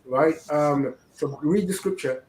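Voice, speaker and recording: A man's voice: on the high side, a little slow, darkish tone, a little hiss or hum. A man hosting religious commentary, preaching and often asking "right?". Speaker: host. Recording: echoey room.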